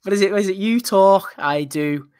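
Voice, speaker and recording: A man hosting a casual podcast, laughing often and briskly reading out listener nominations on a close mic. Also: sits high, darkish tone, clear, resonant tone, dry recording. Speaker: podcast host.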